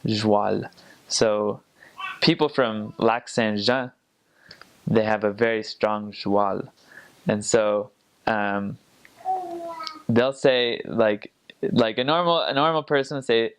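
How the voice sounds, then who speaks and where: A man's voice: fairly low pitch, steady tone, slow, long pauses, clean tone. A young man chatting casually, rambling with many fillers and frequent laughter as he shares tips on a language. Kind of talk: casual chat.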